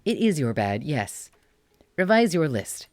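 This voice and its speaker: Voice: medium pitch, sing-song, measured pace, dry recording, soft background music, voice pushed up. A streamer voicing a bratty, arrogant young male Death in a raised, cute voice, reading game dialogue aloud. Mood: indignant. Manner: haughty, snippy, boastful.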